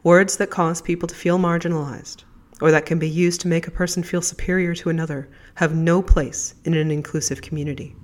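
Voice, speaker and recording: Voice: mid-range voice, little pitch movement, a little fast, hardly any pauses. Stuffed-up podcast host, chatty. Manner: chatty, rambling. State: stuffed up from a cold. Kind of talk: casual solo podcast chat.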